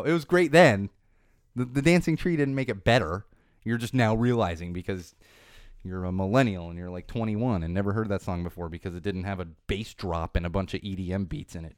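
A man in his thirties from the Chicago area rambles through a casual podcast monologue, quick and sarcastic. His voice is low-set and smooth. It is recorded close and dry, with no room sound. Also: no room sound. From Chicago area, USA. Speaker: podcast host. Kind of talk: casual solo podcast chat.

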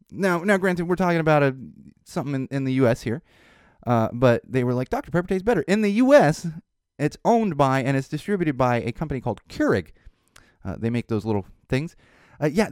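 A man's voice: on the high side, darkish tone, dry recording, clean studio sound. A man hosting a podcast, ranting sarcastically in a casual opinion monologue, with restarts and laughs. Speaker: podcast host.

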